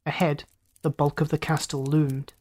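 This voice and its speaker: In measured, steady narration, a man reads a science fiction tale as an audiobook narrator, pitching his voice up for the characters.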